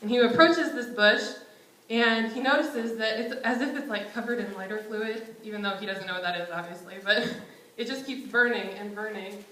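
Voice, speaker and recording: A woman's voice: medium pitch, moderate pace, a bit bright. A young woman preaching a conversational sermon in a church, casual and self-deprecating, often chuckling. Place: church sanctuary. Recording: roomy church sanctuary echo.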